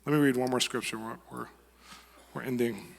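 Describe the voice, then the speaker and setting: A man giving a conversational sermon, telling stories and acting out quotes in a lively way. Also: medium pitch, moderate pace, creaky, a little hiss or hum. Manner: conversational, animated storytelling with acted quotes. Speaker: guest preacher. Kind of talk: sermon with storytelling. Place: church sanctuary. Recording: long reverb of a church hall.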